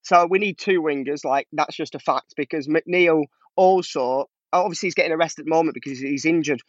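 A man's voice: fairly high pitch, a little fast, no echo, dull audio. A man, a podcast guest, chatting casually about football, laughing easily and restarting his sentences.

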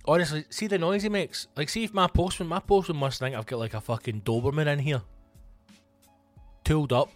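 A Scottish man hosting a comedy podcast, ranting in an animated, sweary monologue. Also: on the high side, a little fast, faint music behind. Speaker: comedian host.

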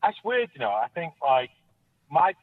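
A man's voice: a little high, big pitch swings, normal speed, no echo. Brief: male guest on a remote call, candid and hesitant, phone-quality audio. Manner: candid and searching, trails off mid-thought. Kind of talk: candid personal conversation. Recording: tinny dry phone-like line.

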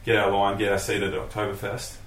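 A man telling a travel story in a relaxed casual chat, laughing and swearing. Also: fairly low pitch, a little fast. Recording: roomy echo, distant mic, faint ambient noise.

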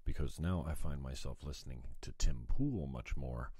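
A man's voice: a bass voice, normal speed, dark tone, husky, dry recording, studio quality. A man in his forties from Canada, hosting a podcast, talking in a rambling, offhand, self-mocking way. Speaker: podcast host. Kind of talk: casual solo podcast talk.

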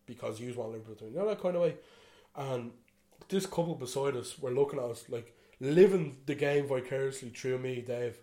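A man's voice: mid-range voice, warm tone. Chatty Irishman telling a story. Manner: rambling, swears freely, "you know what I mean". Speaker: podcast co-host. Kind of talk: casual chat.

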